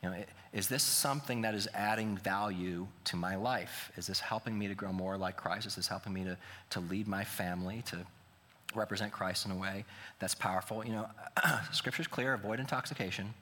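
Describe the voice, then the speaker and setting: A male pastor delivers an earnest sermon in a bright, forceful voice that pushes into emphatic peaks. His words ring out with a long reverb, as if spoken in a large hall. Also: fairly low pitch, fairly quick. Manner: earnest, builds to emphatic preaching.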